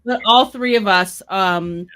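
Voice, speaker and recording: A woman's voice: medium pitch, takes it slowly, pushed and bright. A woman from Boston, co-hosting a podcast in casual chat, talking in a chatty way full of "like" and "um". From Boston, United States. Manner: chatty, filler-heavy, says "like" and "um" often. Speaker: podcast co-host.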